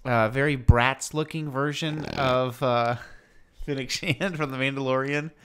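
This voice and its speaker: A man with a smooth, resonant voice, chatting casually as a podcast co-host. He rambles and jokes, telling stories with animated energy. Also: mid-range voice, measured pace. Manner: rambling, jokey, animated storytelling. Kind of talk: casual chat.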